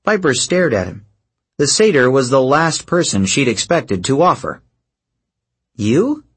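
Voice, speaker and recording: A man narrates a novel in a steady, measured way. His voice sits at a middle pitch and has a husky grain. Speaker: audiobook narrator. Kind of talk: scripted narration.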